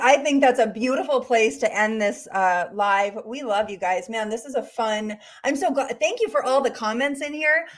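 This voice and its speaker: An enthusiastic woman co-host of a live stream who says her points with conviction. Her voice is fairly high and eager. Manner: enthusiastic, emphatic.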